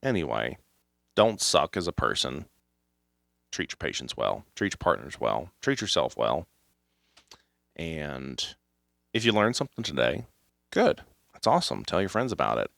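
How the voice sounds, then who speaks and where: A man's voice: a bass voice, very animated, moderate pace, gravelly, long pauses, fairly bright tone, no room sound, clean studio sound. A man co-hosting a paramedic podcast, giving blunt, preachy advice with some swearing in casual chat.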